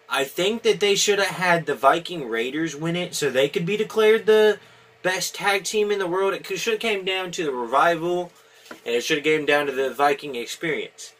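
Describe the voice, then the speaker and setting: A man's voice: a little high, moderate pace, a bit bright. A man giving a casual, opinionated video review, rambling with many restarts and fillers. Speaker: wrestling reviewer.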